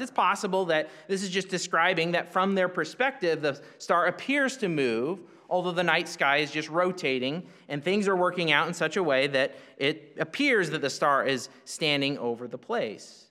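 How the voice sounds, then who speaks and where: A man's voice: a little high, pushed and bright, big-room sound. A man preaching a sermon, explaining a passage in a conversational way and putting questions to his listeners. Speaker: pastor.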